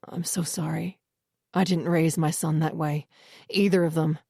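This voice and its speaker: A woman voicing an older male werewolf leader, a former alpha, rough and stern with grief in his hushed voice. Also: fairly high pitch, level tone, measured pace, no room sound, clean studio sound. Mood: hushed sorrow.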